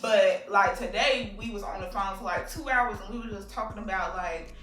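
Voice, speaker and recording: A woman's voice: medium pitch, distant mic. A young woman chats easily on a podcast in a mid-range voice, her talk full of fillers. The recording is echoey, with her set back from the mic. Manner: relaxed, frequent fillers, quick agreeing replies. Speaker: podcast co-host. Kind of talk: casual chat.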